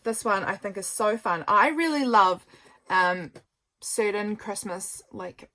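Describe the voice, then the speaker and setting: A woman's voice: mid-range voice, lively intonation, slow. A woman, a journal maker, chatting casually while showing her work, gushing and a little tired. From New Zealand. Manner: chatty, gushing, softly rambling. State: tired, yawning. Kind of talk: casual craft show-and-tell.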